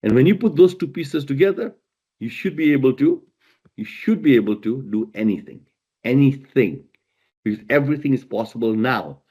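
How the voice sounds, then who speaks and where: A man's voice: medium pitch, animated, normal speed, mellow, husky. Emphatic man giving a keynote. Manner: emphatic, repeats key words for stress. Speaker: keynote speaker. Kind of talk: motivational keynote talk.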